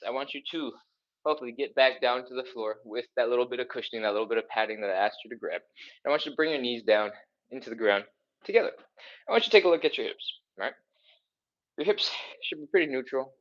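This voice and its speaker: Male fitness instructor, mid-pitched, upbeat, counting reps between sighs, slightly breathless, lo-fi stream audio. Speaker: mobility and stretching instructor. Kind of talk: live follow-along workout coaching.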